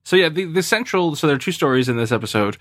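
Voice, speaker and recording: A man's voice: a little high, animated, fast, a bit bright, dry recording, studio quality. A man hosting a podcast, chatting casually and joking with a guest, laughing often. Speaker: podcast host. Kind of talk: casual chat.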